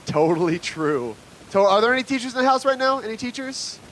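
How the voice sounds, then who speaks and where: A man's voice: very high-pitched, animated, brisk, a bit bright, slight background noise, low-quality recording. A man doing a live stand-up set on a club stage, brash and riffing with the crowd. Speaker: stand-up comedian.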